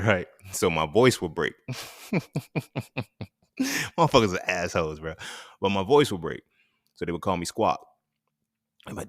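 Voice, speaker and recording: A man's voice: deep voice, gravelly, no echo, clean studio sound. A young adult man, hosting a candid solo monologue, raw and profane, reflective and laughing often. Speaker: podcast host.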